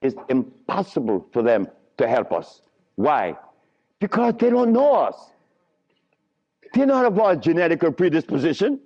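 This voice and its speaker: A man gives a lecture to a crowd, his fairly high voice swooping up and down as he tells stories and chuckles between points. The old recording is dull and lo-fi. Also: measured pace. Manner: animated storytelling with frequent chuckles. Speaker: lecturer on herbal healing. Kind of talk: lecture to a live audience.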